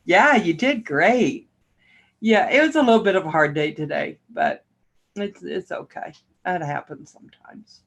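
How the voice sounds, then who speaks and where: Woman on a livestream, slow easy chatter, says hi to everyone in the chat, laughs a lot. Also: deep voice. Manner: chatty, greets viewers by name, laughs often. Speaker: livestream host.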